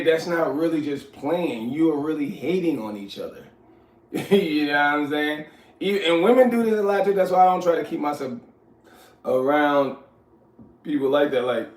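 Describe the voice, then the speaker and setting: A man, telling stories from his youth in casual, animated talk, often asking "you know what I'm saying". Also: a little high. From New York. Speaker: host. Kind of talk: casual storytelling. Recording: echoey room, far from mic.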